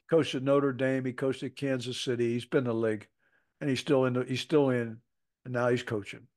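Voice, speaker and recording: An older man in his seventies spins a coaching yarn in a middle-pitched voice. He leans into the quotes, swears freely, and keeps the story moving as a podcast guest. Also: a little fast. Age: 70s. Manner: animated storyteller who acts out quotes, salty language. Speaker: football coach.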